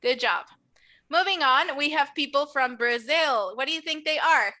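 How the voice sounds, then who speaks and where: A woman teaching an online English class, saying words slowly for students to repeat. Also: sits high, bright, forceful tone. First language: Spanish. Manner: slow, drawn-out model words for repeating.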